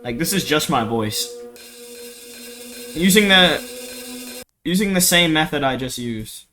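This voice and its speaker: A young man with a bright, slightly sharp voice talks through a home production tutorial. He rambles loosely, heavy on slang, fillers and swearing. He speaks into a cheap desk mic in a home studio. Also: on the high side, animated, measured pace, faint music behind. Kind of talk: casual screen-recorded tutorial.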